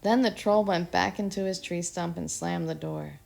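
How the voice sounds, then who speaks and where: A woman reading a children's storybook aloud, narrating in a gentle, expressive way. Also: on the low side, normal speed, vocal fry, faint music behind. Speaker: storybook reader.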